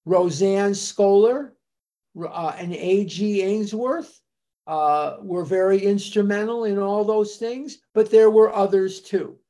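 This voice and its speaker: An older speaker tells the founding story of a recovery fellowship at a very unhurried pace. Dates and names come out one careful phrase at a time. The voice sits at a middling pitch. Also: dark tone. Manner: slow, deliberate, recounting dates and names. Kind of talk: storytelling history talk.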